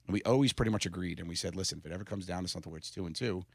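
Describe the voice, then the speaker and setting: A middle-aged man with a low voice rattles through stories at a fast clip, animated and laughing often. He sounds close to a studio mic in a dry room. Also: no echo. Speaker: comedian guest. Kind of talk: casual interview storytelling.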